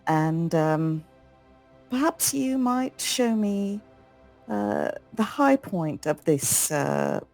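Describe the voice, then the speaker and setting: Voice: medium pitch, animated, drawn-out words, creaky, a little mellow, faint music behind, voice pushed up, exaggerated voice. A player voicing a proud woman knight in armor, speaking politely and formally. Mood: courteous.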